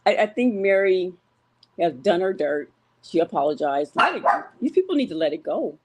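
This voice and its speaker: A woman's voice: lowish voice, sing-song, normal speed, very noisy. A woman calling in to a show, hesitant with many ums, giving firm opinions. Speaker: caller. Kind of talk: casual call-in opinion.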